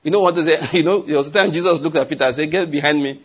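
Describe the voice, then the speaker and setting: A man's voice: fairly high pitch, racing, a bit bright. A man preaching a sermon, telling stories, asking the audience questions and laughing often. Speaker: pastor.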